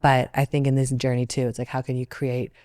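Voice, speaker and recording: A Canadian woman in her thirties talks casually and tells her story with lots of fillers and bursts of animation. Her voice sits low and sounds smooth and clear. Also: little pitch movement, fairly quick, mellow. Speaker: interview guest, Olympic athlete. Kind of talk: casual panel conversation.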